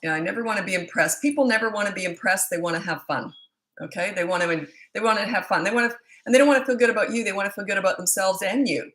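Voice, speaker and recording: Talking fast in a medium-pitched, slightly bright voice, a parenting coach in her sixties chats on a live stream from her home. She reads viewers' comments aloud and rambles between them.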